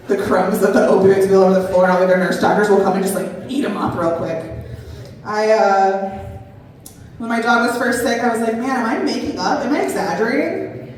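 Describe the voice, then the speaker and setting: A woman's voice: mid-range voice, fairly even intonation, a little fast, recorded from a distance. A woman doing a stand-up comedy set on a brewery stage, rambling and self-deprecating with many fillers. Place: brewery stage at a live show. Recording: echoey hall, mic heard from afar, loud crowd. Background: audience laughter.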